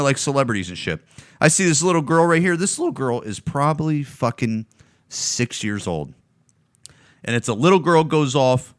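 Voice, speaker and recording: A man's voice: mid-range voice, dry recording, studio quality. Profane ranting male comedian host. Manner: profane, heated, lots of swearing. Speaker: podcast host. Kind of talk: crude ranting commentary on clips.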